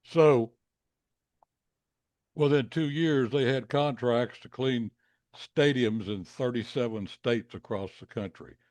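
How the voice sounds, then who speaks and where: Speaking at a slow pace on a dry recording, a man casually tells a long anecdote. He's animated, acting out the people in the story with big pitch jumps in his voice.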